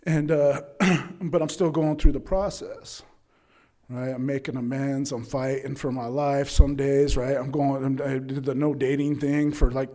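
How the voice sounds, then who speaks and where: A man's voice: mid-range voice, steady tone, unhurried, warm tone. A man from Utah giving a candid, rambling talk about his recovery at a meeting, checking in often with his listeners. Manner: candid, rambling, frequent "right?" and "you know". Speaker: AA meeting speaker. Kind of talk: personal recovery story told to an audience. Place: AA speaker meeting.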